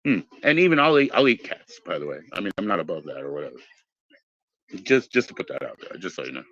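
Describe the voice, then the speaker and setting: Bright-voiced man rambling, swearing freely. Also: deep voice, big pitch swings, quick pace. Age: 40s. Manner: meandering, profane, tangents. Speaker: podcast host. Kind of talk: rambling casual chat. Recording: dull lo-fi dry recording.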